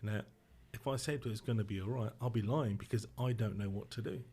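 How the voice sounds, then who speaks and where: Subdued low-voiced man. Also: dark tone, breathy edge. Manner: subdued, emotional, halting with restarts. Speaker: podcast guest. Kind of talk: personal storytelling.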